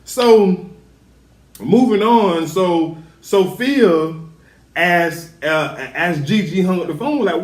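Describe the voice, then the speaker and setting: A man casually recapping a TV episode, chatty and animated as he acts out the characters' lines. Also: high-pitched, slow pace. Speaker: show recap host. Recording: echoey room.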